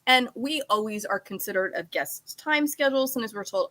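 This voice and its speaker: A woman hosting a podcast over a video call from home, chatting playfully and telling animated stories. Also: a little high, brisk, few pauses. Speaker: podcast host. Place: home room with a room divider behind.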